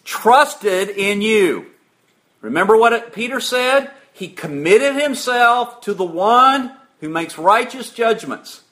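High, lively-voiced preacher asking questions. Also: male voice, unhurried, hardly any pauses. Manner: asks the congregation questions and answers them himself; reads scripture aloud with rising emphasis. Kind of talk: sermon.

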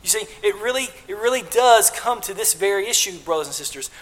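Male pastor, high bright voice, earnest preaching with repeated phrases, big reverberant sanctuary. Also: expressive, a little fast. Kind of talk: sermon. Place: church sanctuary. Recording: long reverb of a large hall.

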